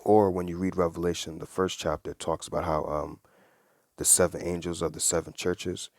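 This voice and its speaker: A man with a low, deep voice talks through scripture in a casual Bible study. He reads verses aloud and then explains them earnestly, in plain conversational speech. The sound is dry and close, with no room echo. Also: little pitch movement, brisk, darkish tone. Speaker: Bible teacher.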